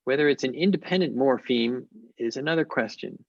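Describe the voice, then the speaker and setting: A man speaking at a conference, answering questions in a measured, thoughtful way with frequent pauses and restarts. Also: mid-range voice, creaky, dry recording, lo-fi sound. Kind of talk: academic Q&A on an online call.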